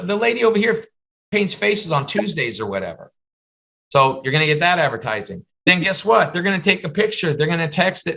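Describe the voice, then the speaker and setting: A man giving casual business advice to beginners on a video call, acting out little dialogues as he goes. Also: rough recording. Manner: animated, acts out little dialogues in higher voices. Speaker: face painting business instructor.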